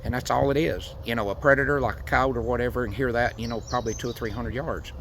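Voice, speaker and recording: A man's voice: medium pitch, steady tone, noisy background. Folksy man explaining hunting calls. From Tennessee. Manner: folksy, unhurried, frequent uh fillers. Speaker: hunting call demonstrator. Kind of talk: outdoor how-to demonstration.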